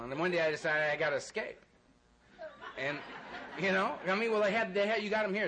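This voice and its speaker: A man's voice: on the high side, sharp tone, a little hiss or hum. A man telling a loose, laughing, self-mocking story to an audience and acting out voices. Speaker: speaker sharing his recovery story.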